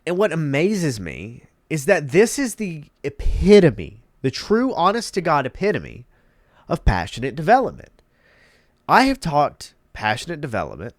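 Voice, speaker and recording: A man's voice: fairly high pitch, wildly swooping pitch, measured pace, dry recording, clean studio sound. A congested man hosting his own channel, giving emphatic, opinionated commentary and repeating key words for effect. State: congested, stuffed-up nose. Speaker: channel host.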